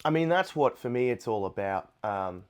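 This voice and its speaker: A man, a guitarist, chatting casually to camera in a relaxed, rambling way with many fillers. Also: mid-range voice, normal speed, clean tone. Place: Nashville. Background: guitar playing.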